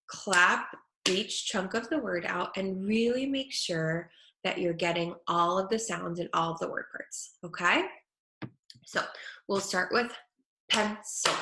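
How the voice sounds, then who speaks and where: Woman clearly over-articulating words for kids. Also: mid-range voice, a bit bright. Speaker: speech therapist. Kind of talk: teaching children at home. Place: her home kitchen. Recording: echoey room.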